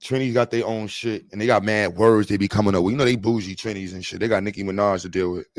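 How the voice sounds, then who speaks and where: A man's voice: fairly low pitch, steady tone, fast talker, dry recording. A man livestreaming, chatting loosely and profanely with his viewers and joking around. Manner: talks to his chat. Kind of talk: casual livestream chat.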